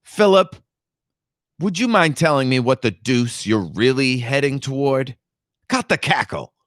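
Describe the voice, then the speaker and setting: A man reading a novel aloud puts on a blunt older father, pitched above the reader's own voice and clipped and scornful in delivery. The recording is dry and close. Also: expressive, unhurried, a bit bright, dry recording. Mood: indignant. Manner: curt and scornful.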